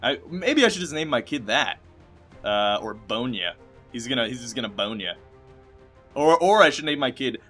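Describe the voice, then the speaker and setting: A young man hosting a let's play, rambling jokily in casual commentary, jumping from loud bursts to quiet mumbles. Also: medium pitch, very animated, normal speed, faint music behind. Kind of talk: rambling gameplay commentary over credits.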